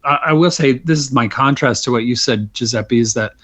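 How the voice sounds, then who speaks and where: A man's voice: medium pitch, a little fast, fairly bright tone. A man, a guest animator, talking reflectively and with conviction in a casual podcast discussion. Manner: reflective, building to passionate conviction. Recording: muffled, dull audio.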